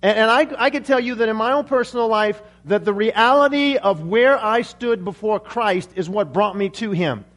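Male pastor, high-pitched, earnest prayer and preaching, restarts often. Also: moderate pace, hardly any pauses, fairly bright tone. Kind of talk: sermon.

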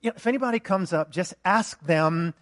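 A man's voice: high-pitched, brisk, lightly acted. A man voicing a kindly, easygoing Saint Peter at heaven's gate, told as a joke within a sermon. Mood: casual. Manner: easygoing, reassuring.

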